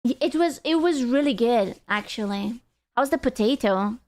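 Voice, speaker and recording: A woman's voice: a little high, expressive, moderate pace, a little mellow. A woman streamer chatting casually with her live chat, playful and joking, swearing freely.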